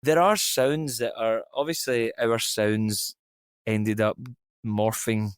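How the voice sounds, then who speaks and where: A man's voice: on the low side, fairly even intonation, slow, clear, resonant tone, no echo, clean studio sound. A young adult man, an actor guest chatting casually and poking fun at himself with frequent laughs. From Scotland. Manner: self-deprecating, laughs often, rambling asides. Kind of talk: casual interview chat.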